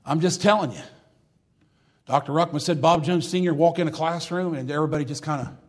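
A man's voice: a little high, brisk. A man preaching a fervent, repetitive sermon and reading scripture aloud. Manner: fervent, repetitive, builds to loud emphatic preaching; reads scripture in old-fashioned wording.

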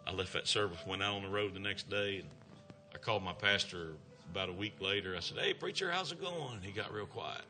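A man's voice: sits low, flat delivery, fairly quick, sharp tone, soft background music. A man with a Southern American accent preaching a revival sermon in a folksy, emphatic way, punctuated by amens. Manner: folksy, emphatic, calls out "amen". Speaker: traveling evangelist.

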